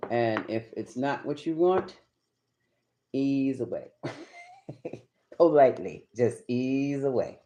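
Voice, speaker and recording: A man's voice: mid-range voice, expressive, slow, warm tone. A man doing a live tarot reading, chatty and emphatic, talking straight to his viewers. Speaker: tarot reader.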